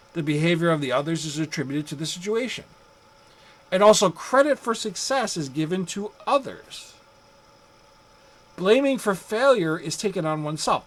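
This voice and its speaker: A man with a fairly high, fairly bright voice gives a psychology lecture in a loose, conversational manner. He acts out angry drivers and makes rhetorical asides. It's a recorded classroom lecture with rough sound.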